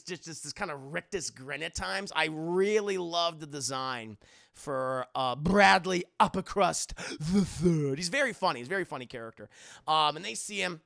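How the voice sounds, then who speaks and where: Bright, gravelly male streamer. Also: fairly high pitch, dry recording, clean studio sound. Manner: rambling, profane, talks to chat. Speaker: streamer reviewing a movie. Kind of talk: casual live-stream commentary.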